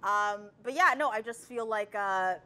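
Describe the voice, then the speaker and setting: A woman's voice: mid-range voice, unhurried, sharp tone, clean tone. A woman comedian on a casual panel, telling stories in a laughing, self-mocking way. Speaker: comedian guest.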